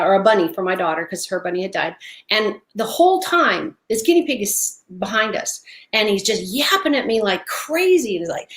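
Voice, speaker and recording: A middle-aged woman, a guest in a casual interview, telling lively stories and laughing often. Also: mid-range voice. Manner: animated storyteller, laughs often.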